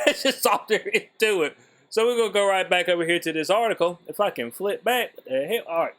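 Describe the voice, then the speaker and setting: A man's voice: sits high, fairly quick, fairly bright tone. A man giving casual, sarcastic news commentary, slangy and profane.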